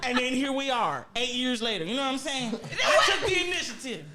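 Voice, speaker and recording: A woman athlete guest telling animated, playful stories in casual chat, full of laughs and dramatic retellings. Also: high voice, brisk, heavy background noise.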